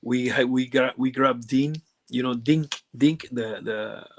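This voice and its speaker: A former pro wrestler from Puerto Rico tells halting stories as a guest in a casual interview, with lots of fillers, restarts and broken grammar. His voice is mid-range, and a little hiss or hum can be heard.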